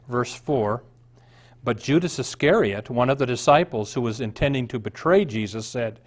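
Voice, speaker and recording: Pastor, middle-aged man, from the Midwest, sermon, emphatic delivery, mid-pitched voice. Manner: reads aloud then preaches with rising emphasis.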